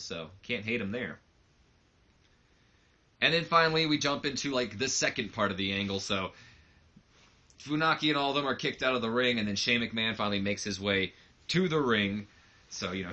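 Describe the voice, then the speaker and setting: A man's voice: fairly low pitch, bright, forceful tone, dull audio. A man hosting a let's play, rambling through casual game commentary with a self-deprecating manner.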